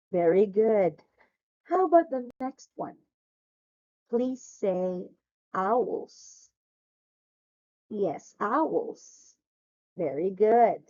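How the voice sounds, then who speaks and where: A woman teaching English to a young child over a video call. She speaks very slowly, with a lively voice that rises and falls, and praises often. Her tone is mellow and the sound is a little dull and lo-fi. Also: mid-range voice. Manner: slow, exaggerated and encouraging, with lots of praise. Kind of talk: demo lesson for a child.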